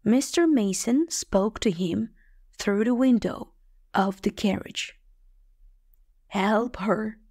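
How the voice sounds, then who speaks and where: A woman narrating a story in the first person for English learners, slow, plain and clearly spoken. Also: medium pitch, lively intonation, dark tone, no echo, clean studio sound. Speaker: audiobook narrator.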